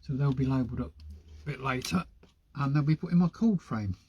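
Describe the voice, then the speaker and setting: A man's voice: medium pitch, brisk, mellow, muffled recording, a little hiss or hum. Chatty man potting seeds live. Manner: chatty, rambling, talks to himself while potting. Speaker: gardening channel host. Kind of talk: casual live-stream chat while working. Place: greenhouse.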